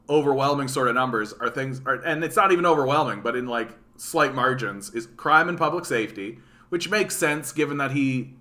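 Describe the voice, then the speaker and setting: A man from Canada riffing through a casual political rant, bright and sharp in tone. He reads news items aloud and reacts with sarcasm and swearing. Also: medium pitch. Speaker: political commentary streamer.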